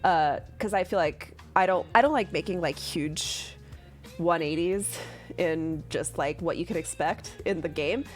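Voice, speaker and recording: A woman's voice: lowish voice, a little slow, soft background music. A woman running a tabletop game as game master, chatting casually in a rambling way with lots of fillers and some swearing.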